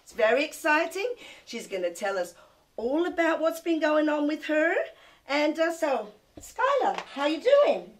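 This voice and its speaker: A woman's voice: sits high, big pitch swings, measured pace. An older woman from England hosting a TV show, chatting with a child guest in a gushing, doting, sing-song way. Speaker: TV show host. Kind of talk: casual chat with a child guest.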